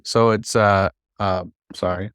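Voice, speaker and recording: A man teaching a Hebrew class over a video call, patient and encouraging, slowing down to spell out sounds. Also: on the low side, steady tone, fairly bright tone, clear, resonant tone, dry recording, studio quality.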